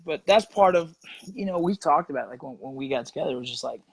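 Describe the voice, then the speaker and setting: Middle-aged male guest, relaxed and profane, filler-heavy talk, slightly higher pitch, dry close mic. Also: fast talker, husky, no echo, poor audio. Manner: laid-back, swears, says "you know" and "right" a lot, acts out quotes. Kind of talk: casual interview chat.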